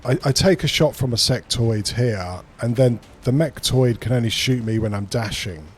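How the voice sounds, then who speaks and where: A man's voice: medium pitch, normal speed, breathy edge. A man streaming a strategy game who talks through his moves in rambling, casual commentary and swears freely.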